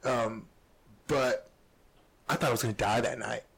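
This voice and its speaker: A man's voice: mid-range voice, fairly even intonation, creaky, fairly bright tone, breathy edge. Blunt, swearing man in casual chat. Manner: blunt, swears freely, quick backchannel replies. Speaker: podcast co-host.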